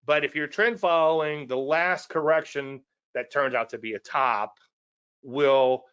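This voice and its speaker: A man's voice: on the high side, measured pace, a bit bright, smooth, muffled recording. A man hosting a market show, teaching casually in a rambling, conversational way with self-deprecating asides and repeated points. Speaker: trading educator and show host.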